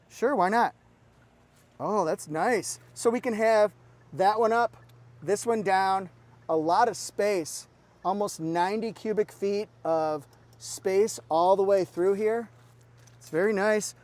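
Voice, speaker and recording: A man's voice: sits high, a little mellow. A middle-aged man giving an upbeat, enthusiastic walkaround review of a car at a dealership, exclaiming as he points out features.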